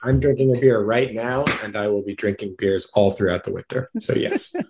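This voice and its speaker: A man on a podcast panel, relaxed and thoughtful as he analyzes the game. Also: fairly low pitch, a little fast, background noise. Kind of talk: casual sports analysis. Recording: echoey room.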